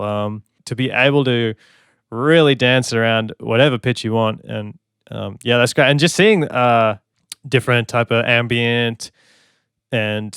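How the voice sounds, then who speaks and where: A man's voice: mid-range voice, fairly bright tone, smooth, no room sound, studio quality. A man, a songwriter, giving casual, enthusiastic commentary on an album and scatting melodies as he talks. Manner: enthusiastic, chatty, hums and scats melodies. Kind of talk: casual music reaction commentary.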